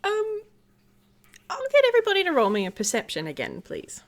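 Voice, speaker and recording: A woman's voice: very high-pitched, wildly swooping pitch, brisk. A woman narrating a tabletop game as game master, chatty and giggly with many fillers.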